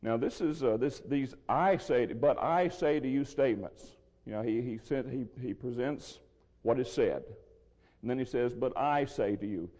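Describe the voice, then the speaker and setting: A man teaching through a Bible passage verse by verse, measured and explanatory, with a dry throat he soothes with water. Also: mid-range voice, dark tone. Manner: measured, explanatory, restarts phrases. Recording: lo-fi with long hall reverb.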